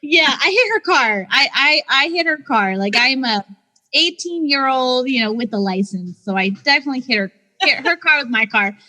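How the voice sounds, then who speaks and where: A woman speech pathologist telling a story in a casual, animated way, acting out quoted voices and laughing often. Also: sits high, normal speed, long reverb tail, low-quality recording. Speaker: guest speech-language pathologist.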